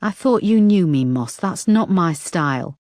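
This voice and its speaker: A woman's voice: lowish voice, animated, measured pace, a little mellow, no echo, studio quality, voice pushed up. A woman narrator voicing a weary, firm female police chief who speaks in a clipped, decisive way.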